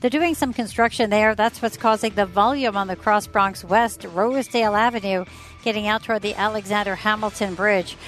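A woman reading a radio traffic report in a brisk, matter-of-fact way. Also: mid-range voice, fairly bright tone, soft background music, low-quality recording.

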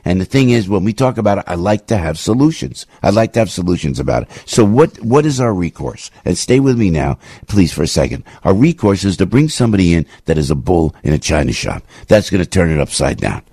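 Husky, animated talk radio host man. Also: low voice, dry recording. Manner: impassioned ranting with rapid restarts. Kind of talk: talk radio commentary monologue.

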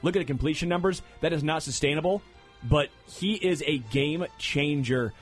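A man hosting a sports talk show, making picks and teasing his co-hosts with animated, excitable banter. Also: fairly high pitch, normal speed, faint music behind.

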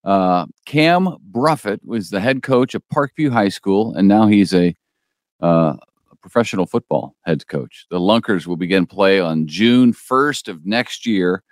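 A man's voice: sits low, animated, measured pace, no echo, studio quality. A man co-hosting a casual local news show, easygoing and teasing, with frequent fillers.

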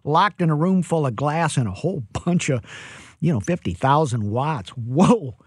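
A man's voice: on the high side, normal speed, breathy edge, no echo. A man hosting a live radio call-in show on home repair, upbeat and chatty, with plenty of "you know" and playful jokes, speaking into a studio microphone. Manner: energetic, jokey, chatty with fillers.

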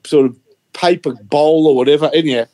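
A man's voice: fairly high pitch, fairly quick, dark tone. A man telling a story in casual podcast chat, full of hesitations and restarts. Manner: chatty, hesitant anecdote teller.

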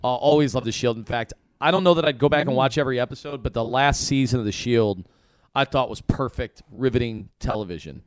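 A man co-hosts a podcast in loose, rambling chat and keeps quoting himself. His voice is smooth and resonant. The sound is close and dry. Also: mid-range voice, fairly quick, no echo. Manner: rambling, trails into self-quotes. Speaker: podcast co-host. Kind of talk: casual chat.

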